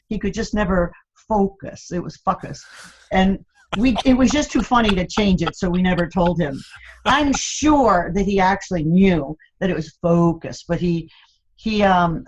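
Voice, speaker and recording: An older woman with a lowish voice tells family stories with playful, teasing humor and breaks into laughter as she goes. The recording sounds a little dull and lo-fi. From United States, Cuban American family. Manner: laughs often, animated storytelling with playful teasing. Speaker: guest. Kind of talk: candid conversational interview.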